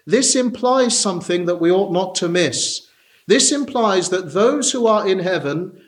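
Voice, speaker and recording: A man preaching a sermon, slow and emphatic, climbing higher when he pleads with his listeners. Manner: earnest, slow and emphatic, rising in pitch for pleading passages.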